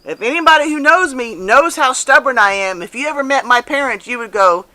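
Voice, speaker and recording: Woman, fifties, bright clear voice, casual storytelling vlog, earnest, emphatic repetition. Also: high voice, animated, a little fast. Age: 50s. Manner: emphatic and earnest, repeats phrases for stress. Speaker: vlogger. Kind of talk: casual personal storytelling to camera.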